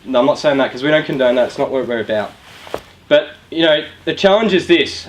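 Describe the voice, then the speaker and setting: A man's voice: medium pitch, a little fast, poor audio. Casual Australian man talking to youth. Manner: casual and chatty, asks the audience questions. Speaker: youth charity speaker. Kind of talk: motivational talk to young people. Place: room with a live audience.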